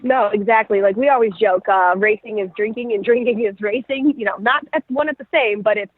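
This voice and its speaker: Woman guest on a phone line, high pitch, upbeat and chatty. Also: brisk, no echo. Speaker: rally reporter guest. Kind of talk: casual chat.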